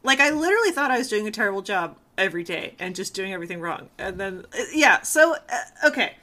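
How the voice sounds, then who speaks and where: Young woman, casual chat, bright voice, pitch leaping all over, animated storytelling, swears freely. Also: quick pace.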